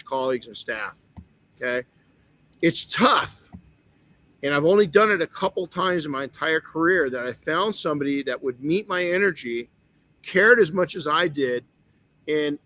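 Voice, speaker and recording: A man's voice: on the high side, a bit bright. A middle-aged man hosting a motivational podcast, telling a personal story earnestly with many restarts. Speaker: podcast host.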